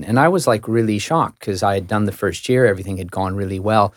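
A man's voice: on the low side, quick pace, dry recording, studio quality. A middle-aged man with an American accent, a radio guest telling a story in a chatty, self-mocking way. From United States. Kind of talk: casual chat.

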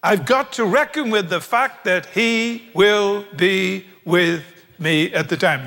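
A British man preaching a sermon, animated and humorous, acting out quoted voices in his stories. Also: sits high, a little slow, vocal fry. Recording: long hall reverb.

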